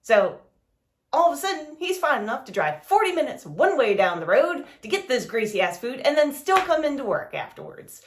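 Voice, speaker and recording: A woman's voice: high voice, sing-song, normal speed. A woman telling a casual story straight to one listener, blunt and exasperated, with casual swearing.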